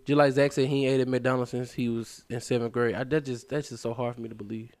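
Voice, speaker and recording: A man's voice: medium pitch, steady tone, fast, darkish tone. A man hosting a podcast, talking in loose, teasing casual banter. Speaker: podcast host.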